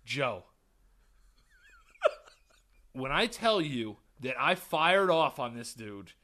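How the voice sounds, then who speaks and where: A man's voice: medium pitch, slow pace. A young man co-hosting a podcast, telling a rambling, profane story in casual chat and acting out both sides of the exchange. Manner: profane, animated retelling with put-on dialogue. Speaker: podcast co-host.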